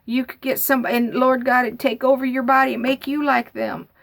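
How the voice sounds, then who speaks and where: A panicky, churchgoing old aunt with a drawl, acted out by a woman retelling a family story, her voice pitched well above the teller's own and pushed louder. She pleads and calls on the Lord over and over, with a gravelly edge. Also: level tone, moderate pace. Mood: pleading. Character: fretful, devout elderly aunt, old woman.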